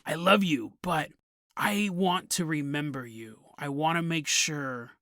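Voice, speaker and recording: Guy doing a creepy demon pony from hell, low slow voice going whispery, kinda sweet and kinda unhinged. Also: pushed and bright, no room sound, clean studio sound. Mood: eerie tender. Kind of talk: comedic storytelling.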